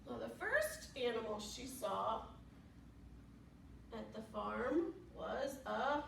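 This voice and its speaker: A woman's voice: a little high, lively intonation, slow, vocal fry, a bit bright, a little hiss or hum. A woman children's librarian reading a story aloud to preschoolers in a sing-song way, stopping to ask the children questions. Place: library room. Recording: roomy room, voice from a distance.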